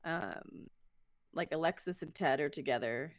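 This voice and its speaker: A woman co-hosting a podcast in casual chat, talkative and quick to laugh at her own slips. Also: sits low, dry recording. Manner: chatty, laughs at herself, quick restarts. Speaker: podcast co-host.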